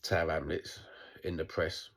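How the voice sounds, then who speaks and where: A man's voice: rumbling low, flat delivery, normal speed, fairly bright tone, slightly rough. A middle-aged Cockney man from East London talking bluntly in an unscripted video diary, swearing and rambling with restarts. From East London, England. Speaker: vlogger.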